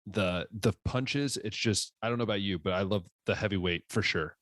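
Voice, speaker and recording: A man co-hosting a sports podcast, giving frank, opinionated takes and cutting in to argue his point. His voice is low and sounds dry and close to the mic. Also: moderate pace, a bit bright, no room sound. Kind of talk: casual sports chat.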